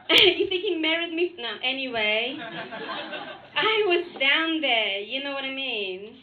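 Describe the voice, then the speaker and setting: A woman's voice: sits high, unhurried, pauses often, reverberant, narrow, tinny audio. Russian-accented woman doing crude stand-up. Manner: blunt, crude, deadpan with frequent laughs. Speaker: stand-up comedian. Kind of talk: stand-up comedy set. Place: comedy club stage.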